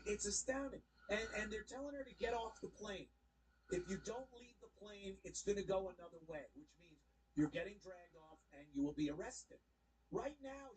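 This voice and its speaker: A man's voice: high-pitched, a little hiss or hum, poor audio. A man giving blunt, exasperated reaction commentary on viral videos and swearing casually.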